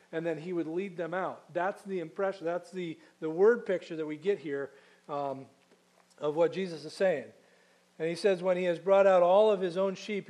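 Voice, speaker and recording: A man preaching a sermon conversationally, asking rhetorical questions and slowing down to read scripture aloud. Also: sits high, darkish tone.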